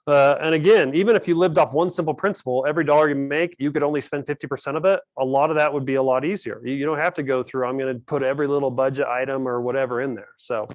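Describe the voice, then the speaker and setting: A man's voice: mid-range voice, steady tone, fast, few pauses, dry recording. Guy running a team meeting, calls on folks, dry close sound. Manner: upbeat, calls on people by name. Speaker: host of a team finance meeting. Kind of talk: casual group discussion.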